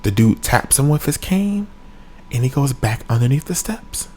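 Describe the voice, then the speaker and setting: A man telling a comic story from his own life, with sudden high-pitched exclamations. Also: sing-song, moderate pace, darkish tone. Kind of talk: comedic story time. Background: faint music.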